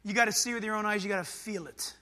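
A middle-aged man from Southern California preaching a sermon, animated and conversational, swinging between loud bursts and quiet asides. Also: high-pitched, quick pace, in a large hall. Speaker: pastor.

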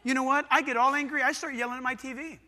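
A middle-aged man from Southern California preaching a sermon, animated and conversational, swinging between loud bursts and quiet asides. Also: extremely high pitch, quick pace, long reverb tail. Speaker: pastor.

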